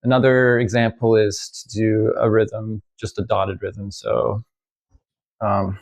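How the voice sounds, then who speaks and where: A man giving a casual violin lesson, talking in a halting way with many fillers and restarts. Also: on the low side, little pitch movement. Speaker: violin teacher. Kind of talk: casual instructional talk.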